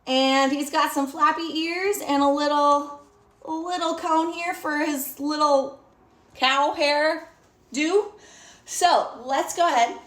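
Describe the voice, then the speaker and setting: A woman's voice: sits high, fairly even intonation, slow, a bit bright, roomy sound, far from the mic. A woman teaching a storytime yoga lesson to children, encouraging them, asking them questions and praising them.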